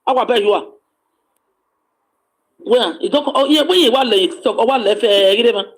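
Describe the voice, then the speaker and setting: Very high-voiced teasing Nigerian man. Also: moderate pace. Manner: teasing, laughing often, loud bursts. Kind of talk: joking casual banter.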